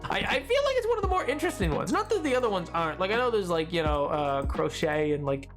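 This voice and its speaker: A game streamer from Britain talks in a loose, rambling way, cutting themselves off and circling back. The pitch swings widely up and down from one phrase to the next. Clear music plays under the voice through the stream mix. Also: sing-song, fast. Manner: rambling, playful, self-interrupting. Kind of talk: casual live-stream chat. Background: background music from the stream.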